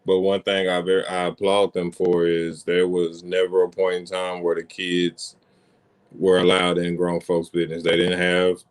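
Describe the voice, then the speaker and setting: A man's voice: sits low, monotone, moderate pace, clean tone. A man in a casual podcast chat, talking thoughtfully and reflectively about family as a father. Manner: thoughtful, reflective, with frequent restarts. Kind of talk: casual conversation.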